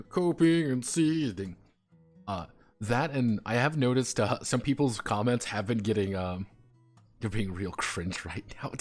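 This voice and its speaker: Low-voiced male streamer, loose and profane, tripping over his own words. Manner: rambling, stumbling restarts, profane banter. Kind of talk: casual stream chat.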